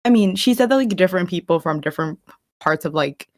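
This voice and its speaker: A young woman co-hosting a casual podcast, talking in an animated, giggly way and filling her speech with "like". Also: on the low side, fast talker, no room sound, clean studio sound. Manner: animated, giggly, heavy use of "like". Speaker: podcast co-host. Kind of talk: casual chat.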